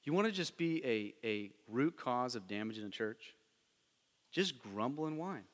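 A man's voice: medium pitch, lively intonation, normal speed, big-room sound. A middle-aged man preaching a sermon as a pastor, talking conversationally with frequent rhetorical questions. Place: church sanctuary.

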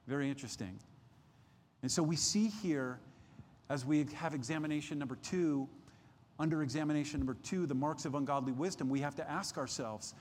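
A man preaching a midweek sermon as pastor, emphatic, rising in pitch and force at key points and often restarting phrases. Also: darkish tone, in a large hall. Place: church sanctuary.

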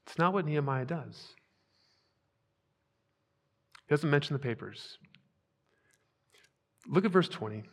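Man, preacher, sermon, hushed to loud emphasis, bit high-pitched, echoing church hall. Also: lively intonation, normal speed. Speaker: pastor.

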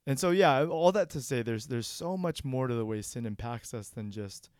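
Smooth-voiced man, earnest church talk. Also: medium pitch, animated, normal speed, a little mellow, no room sound, clean studio sound. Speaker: church podcast panelist. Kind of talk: casual discussion of a sermon.

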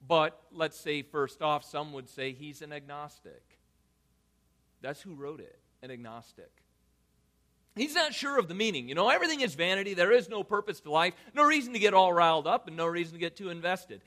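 A man preaching a sermon as pastor, swinging from loud emphatic lines to quiet low asides and building points through repeated phrases. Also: animated, moderate pace.

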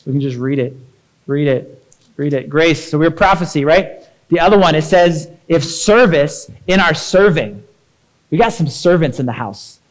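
Lively, conversational male preacher. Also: on the high side, moderate pace, rough recording. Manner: energetic, conversational preaching with frequent "right?". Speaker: pastor. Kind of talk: sermon.

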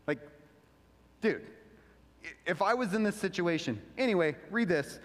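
Male pastor, high-pitched, casual slangy preacher with lots of energy, long reverb. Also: normal speed, long pauses. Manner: casual, animated, slangy delivery. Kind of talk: sermon.

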